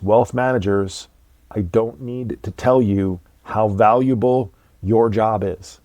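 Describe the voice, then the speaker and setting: A man's voice: mid-range voice, darkish tone, no echo. A man hosting a motivational podcast, talking bluntly and emphatically, with casual swearing. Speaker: podcast host.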